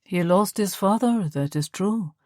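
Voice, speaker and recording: A woman's voice: medium pitch, unhurried, a little mellow, dry recording, clean studio sound, close to an everyday voice. A woman voicing a grateful woman who talks earnestly and tenderly about her family.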